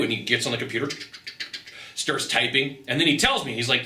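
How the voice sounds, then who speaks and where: A man giving casual travel advice to camera, chatty and lively, often laughing and acting out little dialogues. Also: mid-range voice, fast talker, echoey room. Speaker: travel and persuasion tips presenter.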